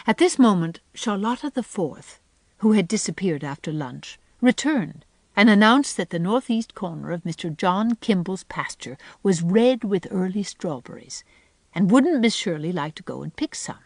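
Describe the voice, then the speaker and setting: A woman narrating a classic novel as an audiobook, in measured, gentle storytelling. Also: medium pitch, expressive, no room sound. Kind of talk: scripted narration.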